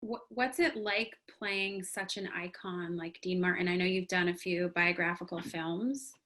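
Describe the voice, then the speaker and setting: A woman's voice: lowish voice, fairly even intonation, measured pace, pushed and bright. A woman moderating an interview, asking questions and offering brief encouraging replies. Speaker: interviewer, host.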